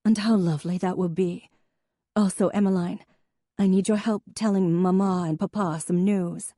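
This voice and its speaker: Genteel formal woman, poised professor, mellow, read by a woman. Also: on the low side, steady tone, normal speed, dry recording, clean studio sound, pitched above the performer's own voice, close to an everyday voice. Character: refined, poised elder sister, a professor.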